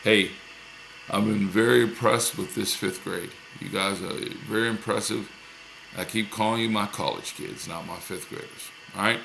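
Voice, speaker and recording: A man's voice: fairly low pitch, fairly even intonation, moderate pace, vocal fry, bright, forceful tone, a little hiss or hum. A male teacher recording a lesson video for his class, upbeat and encouraging, often repeating himself.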